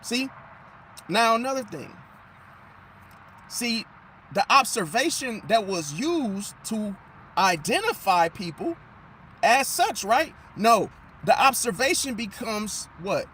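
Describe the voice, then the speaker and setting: A man giving an animated, emphatic astrology monologue and losing his voice. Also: high-pitched, takes it slowly, pauses often, slight background noise. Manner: animated, emphatic, repeats "see?"; drops into mocking impressions of others. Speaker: astrology commentator. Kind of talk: casual monologue.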